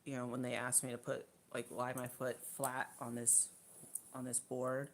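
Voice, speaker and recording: A woman's voice: a bass voice, flat delivery, moderate pace, a little hiss or hum. A middle-aged woman chatting casually on her livestream, rambling and out of breath, thanking viewers by name. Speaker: livestream host.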